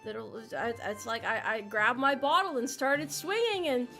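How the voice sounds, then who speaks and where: A woman's voice: on the high side, moderate pace, bright, forceful tone. A young adult woman streamer chatting casually with her viewers in a playful, jokey way, with melodramatic outbursts. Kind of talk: casual livestream chat. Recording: faint music behind.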